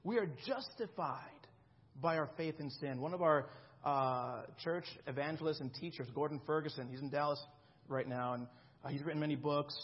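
A man's voice: on the high side, moderate pace, husky, highs cut off. A man in his thirties preaching a sermon in a conversational way, often checking in with the congregation. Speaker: pastor.

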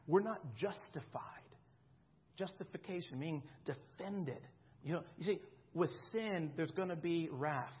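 A man's voice: on the high side, measured pace, slightly rough, highs cut off. A man in his thirties preaching a sermon in a conversational way, often checking in with the congregation. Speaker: pastor.

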